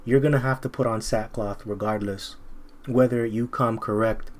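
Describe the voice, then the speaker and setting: A man's voice: medium pitch, fairly even intonation, normal speed. A man teaching scripture informally, reading verses aloud and commenting bluntly in casual slang.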